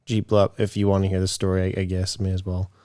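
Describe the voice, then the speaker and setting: A man in his late twenties chats casually on a podcast, circling back and restarting as he tells a story. His voice sits low, and the recording is dry with no room sound. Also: fast talker, no room sound. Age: late 20s. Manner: rambling storyteller, restarts, animated in quotes. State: a bit out of breath. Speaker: podcast co-host. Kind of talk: casual chat.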